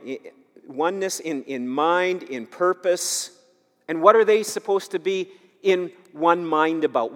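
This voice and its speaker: A male pastor preaching a sermon, emphatic and repetitive, swinging between loud urging and quiet asides. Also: on the high side. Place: church sanctuary. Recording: long hall reverb.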